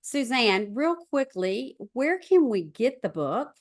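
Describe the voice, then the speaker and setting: A woman's voice: a little high, big pitch swings, slow pace. A woman hosting a faith podcast interview, affirming and encouraging her guest. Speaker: podcast host.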